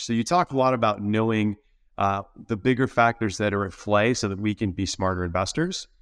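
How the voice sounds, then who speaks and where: A man's voice: fairly low pitch, smooth, no room sound, clean studio sound. A man from Washington State sending in a recorded video question, earnest and polite, with frequent uh fillers. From Washington State, USA. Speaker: listener asking a question.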